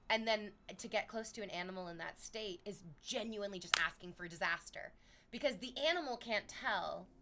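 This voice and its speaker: A Canadian woman is streaming and chatting animatedly with her viewers, laughing often. When she quotes something, she jumps into high, excited shrieks, keeping the whole conversation casual.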